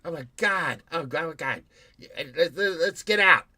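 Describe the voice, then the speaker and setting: A man doing his frantic high-voiced wife. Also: expressive, a little slow, sharp tone, dry recording, full character voice. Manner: frantic, breathless exclaiming. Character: flustered middle-aged wife, excitable and loud.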